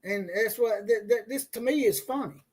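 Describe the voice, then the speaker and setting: Brash, profane, high-voiced sports streamer. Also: male voice, normal speed, husky. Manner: brash, profane, mocking, laughs at his own jokes. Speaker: college football livestream host. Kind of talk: casual livestream commentary reading chat.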